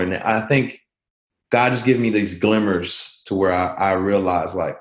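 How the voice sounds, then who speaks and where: A man's voice: deep voice, moderate pace, reverberant. A man speaking as an interview guest, earnest and reflective, telling stories in a conversational way.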